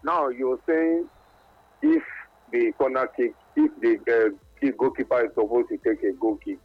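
Husky caller on a muffled line. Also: male voice, mid-range voice, expressive, normal speed, dry recording. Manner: hesitant, searching for words. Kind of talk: calling in to a sports radio show.

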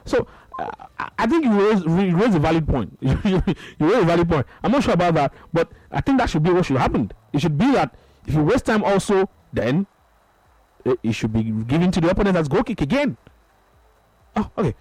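A man's voice: fairly high pitch, very animated, fairly quick, a little mellow, husky, no room sound, low-quality recording. A man hosting a sports phone-in radio show, repeating phrases for emphasis.

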